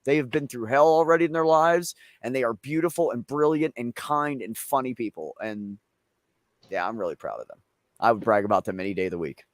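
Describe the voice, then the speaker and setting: A man's voice: medium pitch, fairly quick, no echo. A man hosting a casual chat show, telling long rambling family stories with plenty of swearing. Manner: profane, rambling anecdotes. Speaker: show host.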